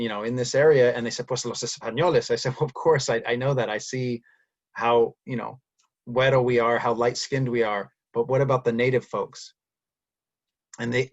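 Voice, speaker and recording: A man talks through his own story in a thoughtful monologue, checking in with listeners by tagging "right?" onto his points. His voice sits at an everyday middle pitch. The recording is slightly muffled and lo-fi. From United States. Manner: thoughtful, frequent "right?" and "you know" tags. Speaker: speaker recounting his language history. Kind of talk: reflective personal monologue.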